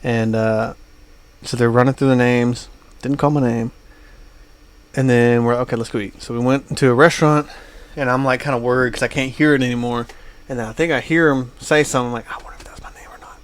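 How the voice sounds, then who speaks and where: A man's voice: mid-range voice, fairly even intonation, brisk, clean tone. A man co-hosting a podcast, telling a long travel anecdote in casual chat, full of fillers like "uh" and "like". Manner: rambling anecdote with many fillers. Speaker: podcast co-host.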